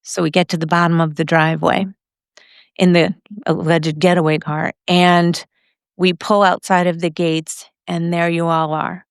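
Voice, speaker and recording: A middle-aged woman hosting a podcast, telling a personal story in a lively way, laughing often. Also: on the low side, normal speed, clear, resonant tone, no echo, clean studio sound. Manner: lively, acts out other people's lines, laughs often.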